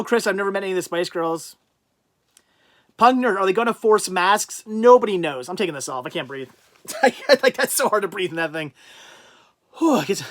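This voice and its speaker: Man, high-pitched voice, livestream host, casual rambling chat, answers viewer comments. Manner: rambling, reads chat aloud and thinks out loud.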